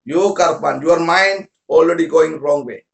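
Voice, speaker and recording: Gravelly and a little high, this man's voice moves a bit slowly through an informal spiritual talk to his followers. A spiritual teacher, he uses broken English, repeats words, and asks listeners questions, and the recording has roomy echo.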